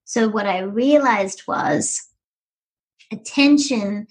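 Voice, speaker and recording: A woman talking as a podcast guest, telling stories with lively, animated energy. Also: medium pitch, takes it slowly, husky, rough recording. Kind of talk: conversational storytelling.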